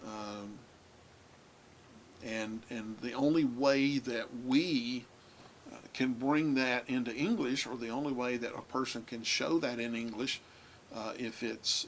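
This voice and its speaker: A man teaching a recorded lesson on Bible translation, talking in a halting way with many filler pauses. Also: medium pitch, fairly bright tone, a little hiss or hum.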